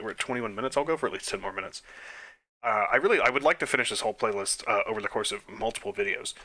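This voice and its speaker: A man's voice: medium pitch, sharp tone. A young man casually thinking aloud as he plays trivia quizzes, muttering answers and making self-deprecating, chatty asides. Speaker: quiz game let's player.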